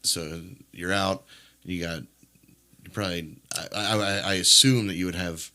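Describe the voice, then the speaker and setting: A man's voice: low-pitched, steady tone, moderate pace, pushed and bright. A man hosting a podcast interview, asking questions and summing up the guest's story. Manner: inquisitive, sums up the guest's story. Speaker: podcast host.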